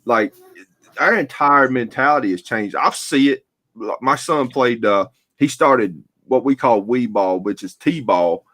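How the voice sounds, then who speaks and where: A man's voice: mid-range voice, a little slow, pushed and bright, no room sound. A man, telling emphatic stories in a casual barbershop chat. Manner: storytelling, emphatic. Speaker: podcast co-host.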